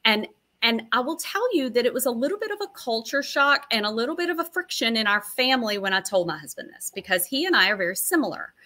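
A woman's voice: on the high side, very animated, fast, pushed and bright. A middle-aged woman, a nurse, telling stories as an interview guest in a chatty, long-winded, self-deprecating way. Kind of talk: casual interview storytelling.

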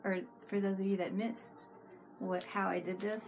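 A woman's voice: mid-range voice, flat delivery, normal speed. A woman chatting casually on a live stream, giggling often and talking to viewers in the chat.

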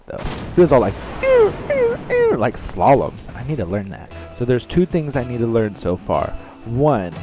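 A man giving excitable gameplay commentary, shouting reactions and trading playful trash talk. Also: mid-range voice. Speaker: gaming channel host.

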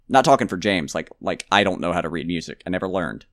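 A man's voice: low voice, big pitch swings, a little fast, dry recording, clean studio sound. A man casually commenting on his own gameplay, rambling and joking to himself with mock outbursts. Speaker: let's play gamer.

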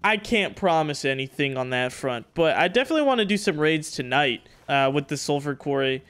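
A young man giving casual, excitable commentary over his own survival game playthrough, loose and slangy. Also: a little high, normal speed, few pauses, clear, resonant tone. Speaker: gaming YouTuber. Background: background music.

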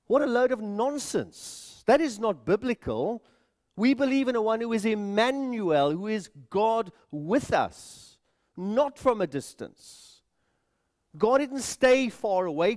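A man's voice: sits high, a little mellow. A man preaching a sermon in a church, earnest, repeating words and addressing the congregation as friends. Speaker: pastor.

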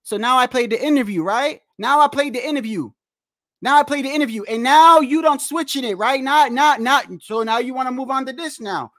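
A man hosting a boxing livestream and ranting in a heated, animated way, repeating himself, swearing often and trash-talking the chat. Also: very high-pitched, fairly quick, no echo, studio quality. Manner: animated, repetitive, trash-talking with frequent profanity.

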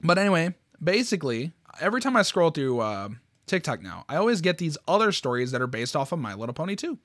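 Man with a lively, bouncy pitch who swears freely, dry close sound; casual channel host reacting to stories. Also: fast talker, dry recording. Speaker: YouTube host.

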